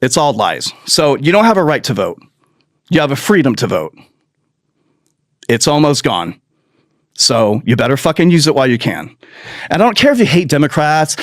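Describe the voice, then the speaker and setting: A man's voice: fairly high pitch, very animated, normal speed, pauses often, no echo, studio quality. A man hosting a podcast, delivering a profane, sarcastic political rant full of mocking mimicry. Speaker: podcast host.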